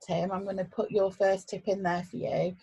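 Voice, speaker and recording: A woman's voice: mid-range voice, little pitch movement, moderate pace, creaky, dark tone, slightly rough. A woman from an events agency, hosting a businesslike, friendly chat on a video call.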